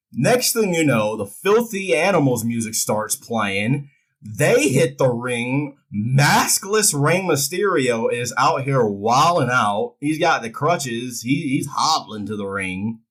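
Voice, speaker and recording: A man's voice: medium pitch, sing-song, slow, fairly bright tone, rough recording. A man recapping a wrestling show in a casual, irreverent way, joking and swearing freely as he goes.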